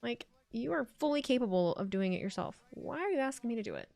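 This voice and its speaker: A woman's voice: on the high side, lively intonation, fast, creaky, darkish tone. A tired woman streamer chatting casually with her viewers, swearing freely as she watches. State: tired, yawning. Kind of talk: casual live-stream chat.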